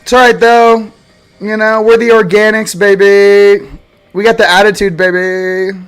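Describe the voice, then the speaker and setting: A man hosting a spiritual livestream in casual chat, rambling and joking and swinging between loud bursts and quiet asides. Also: high voice, level tone, a little slow, smooth, soft background music.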